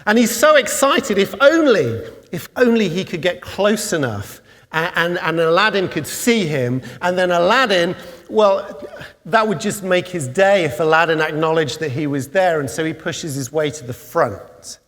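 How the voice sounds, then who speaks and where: A man preaching a sermon in a church, telling stories in an animated way that rises to excited peaks. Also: high voice, normal speed, in a large hall. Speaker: pastor.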